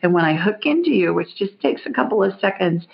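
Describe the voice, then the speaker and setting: A woman hosting a call-in podcast, brisk and encouraging with callers. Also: medium pitch, lively intonation, vocal fry, husky. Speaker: podcast host. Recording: muffled lo-fi audio.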